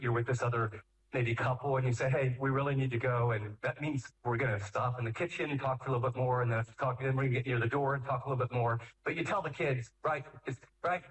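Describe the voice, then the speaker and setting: A man's voice: medium pitch, far from the mic, poor audio. A man giving a conversational sermon on parenting, telling stories and acting out parents and children. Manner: animated storytelling, acts out parents and kids.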